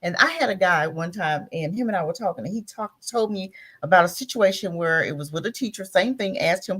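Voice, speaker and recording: A woman talk-radio host with a medium-pitched, animated voice speaks a little fast. She delivers emphatic, preachy commentary, repeating her points and asking rhetorical questions.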